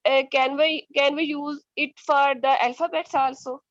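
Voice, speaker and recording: A woman's voice: sits high, fairly even intonation, normal speed, no room sound, muffled recording. A woman student asking a teacher questions politely and hesitantly, with many fillers.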